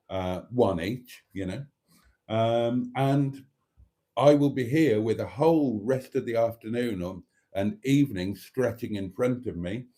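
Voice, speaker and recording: Sitting at an indoor table, the host of his own channel chats to viewers in a loose, rambling style that's camp and fond. His voice is on the low side and warm.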